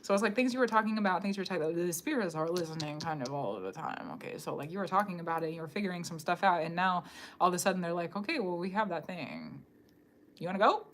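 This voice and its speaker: A woman giving a live-streamed psychic reading from a room at home, talking straight to the viewer in a loose, rambling, animated way. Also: lowish voice, very fast, background noise. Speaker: tarot reader.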